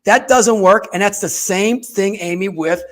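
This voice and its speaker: A man hosting a casual business talk show, talking in an animated, folksy way and speaking straight to viewers. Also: high-pitched, a little slow. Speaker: podcast host. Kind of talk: casual conversational interview.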